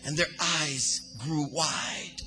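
A man preaching a sermon in a sing-song cadence, swinging between hushed, quiet passages and fervent shouting. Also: fairly high pitch, fairly even intonation, drawn-out words, faint music behind.

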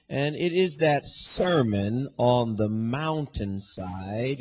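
Male pastor, slight West Coast accent, unhurried delivery, call-and-response sermon. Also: fairly low pitch, darkish tone, breathy edge. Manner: call-and-response preaching, builds in intensity.

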